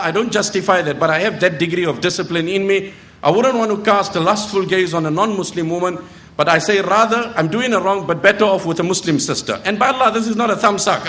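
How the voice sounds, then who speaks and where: This sermon comes from a middle-aged male preacher whose voice is noticeably high, with a fairly bright tone. Along the way he tells stories, takes on the voices of their people, and occasionally recites verses in Arabic.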